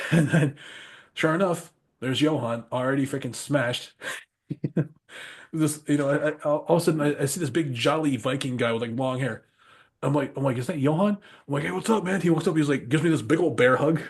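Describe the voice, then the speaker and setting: A man on a podcast telling rambling, animated road stories, laughing often and swearing freely. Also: medium pitch, normal speed, husky. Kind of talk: casual storytelling chat.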